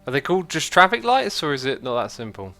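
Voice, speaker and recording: A man's voice: a little high, very animated, fast, bright, forceful tone, faint music behind. A man from England co-hosting a livestream, laid-back and joking in casual chat. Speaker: co-host of a game livestream.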